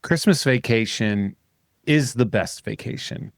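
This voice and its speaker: A man's voice: medium pitch, vocal fry, no room sound, clean studio sound. A man co-hosting a podcast, casually chatting with wry, opinionated remarks. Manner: wry, opinionated, quick jokes. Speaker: podcast co-host.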